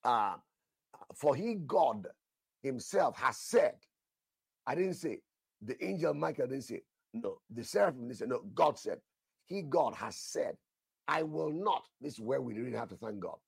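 A man's voice: mid-range voice, animated, measured pace, gravelly, husky, dry recording, studio quality. A man preaching a sermon, emphatic, repeating his phrases and asking the listeners questions, with bursts of prayer in tongues.

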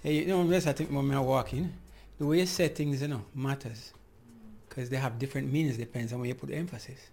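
A man's voice: mid-range voice, fairly even intonation, fast talker, creaky, a little mellow, faint music behind. A man hosting a horse racing show, joking loosely and then reading out the runners and odds. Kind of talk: casual chat and race preview.

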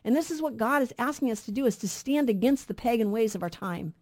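A woman's voice: fairly high pitch, animated, fast talker, a little mellow. A middle-aged woman co-hosting a radio Bible program, teaching earnestly and asking rhetorical questions.

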